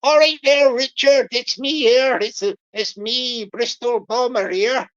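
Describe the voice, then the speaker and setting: A woman doing a pushy, cajoling male scammer who keeps repeating his begging lines. The voice sits a bit higher and louder than her plain talk, with laughs slipping through. It comes over dull, lo-fi stream audio. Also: steady tone, very slow, full character voice. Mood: cheery.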